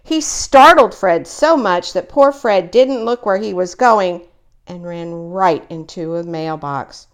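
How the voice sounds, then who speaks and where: A woman's voice: lowish voice, slow, clear, resonant tone. A woman reading a children's picture book aloud, voicing each character in turn. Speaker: storyteller.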